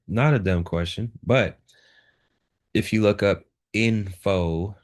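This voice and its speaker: A man's voice: fairly low pitch, slow pace. A man teaching a live trading lesson, walking through charts and driving points home by repeating key words. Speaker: trading instructor.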